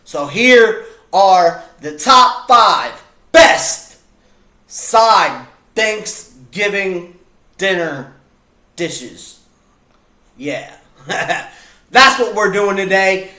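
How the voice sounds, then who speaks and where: A man's voice: sits high, animated, extremely slow, long pauses, sharp tone. A man hosting his own video in casual chat, playful and rambling, often breaking off to restart. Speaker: video host. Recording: echoey room.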